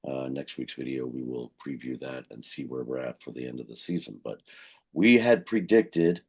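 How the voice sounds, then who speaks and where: Podcast co-host, male, very low gravelly husky voice, rambling casual sports talk. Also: moderate pace, a little mellow. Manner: rambling, lots of fillers and self-corrections.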